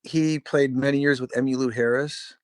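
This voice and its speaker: A casual, rambling man from Chicago trades road stories as a podcast guest. He swears freely and slips into quick impressions of the people he quotes. His voice sits at an ordinary pitch and sounds close and dry, with no room around it. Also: fairly even intonation, clear, resonant tone, dry recording. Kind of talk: casual storytelling interview.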